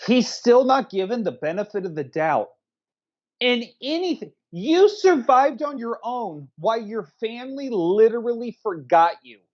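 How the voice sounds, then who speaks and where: A man co-hosts a casual movie review podcast with a crude, ranting delivery. His pitch swings widely, and the recording sounds dull and lo-fi. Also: sing-song, unhurried, darkish tone.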